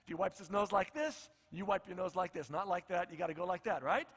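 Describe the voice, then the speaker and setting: A man's voice: high-pitched, lively intonation, fast, a bit bright, breathy edge, big-room sound. A male pastor preaching a conversational sermon, acting out the lines of the people in his story. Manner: conversational, acts out the disciples' lines.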